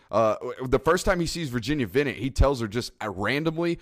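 A man's voice: medium pitch, animated, a little fast, few pauses. A man co-hosting a sports podcast, chatting casually and animatedly, quoting movie lines and laughing. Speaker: podcast co-host.

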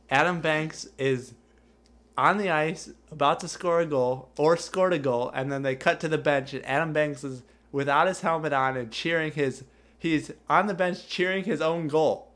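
A man's voice: on the high side, a little slow, fairly bright tone. A man co-hosting a casual podcast chat, talking in an easygoing way and laughing easily. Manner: chatty, laughs easily, hedges with "I think". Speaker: podcast co-host.

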